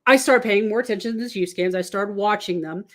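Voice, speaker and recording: A woman's voice: medium pitch, fairly quick, a bit bright. A woman from the Kansas City area chatting casually as a podcast guest, rambling and laughing often. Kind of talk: casual chat about football.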